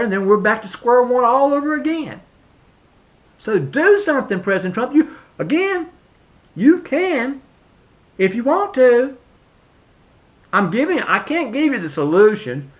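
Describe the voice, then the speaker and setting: A middle-aged American man ranting directly at the president in a casual, impassioned way, often repeating himself and restarting phrases. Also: a bit bright. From United States. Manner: impassioned, repetitive, restarts, swings from low mutter to high outbursts. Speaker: vlogger addressing the president. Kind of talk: casual spoken rant.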